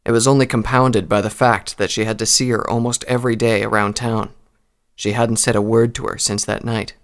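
Man, storybook narration, low voice, gravelly, calm and measured.

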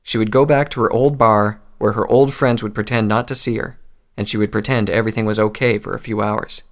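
A man reading a story aloud in a calm, measured narration. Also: lowish voice.

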